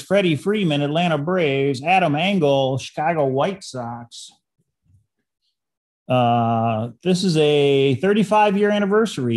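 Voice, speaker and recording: A man hosting a casual card-opening video, reading names aloud and dropping into quiet asides. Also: medium pitch. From Detroit area. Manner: reads names flatly, drops into quiet asides. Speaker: channel host.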